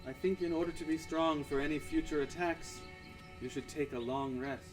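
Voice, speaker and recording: A man's voice: on the high side, moderate pace, distant mic, pitched above the performer's own voice, lightly acted. A man doing a gracious, tearful fairy queen. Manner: gentle, gracious, softly persuasive. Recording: music playing behind.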